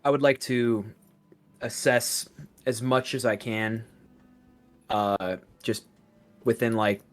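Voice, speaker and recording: A man's voice: mid-range voice, fairly even intonation, takes it slowly. Male player at a tabletop game, earnest in-character lines, faint background music. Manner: earnest in-character talk, breaks into joking asides.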